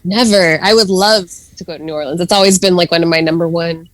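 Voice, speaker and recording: Podcast guest: talkative woman, lowish voice, dry close recording, laughs a lot. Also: fairly even intonation, fast talker, no room sound. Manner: chatty, laughs often, many fillers. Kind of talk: casual chat.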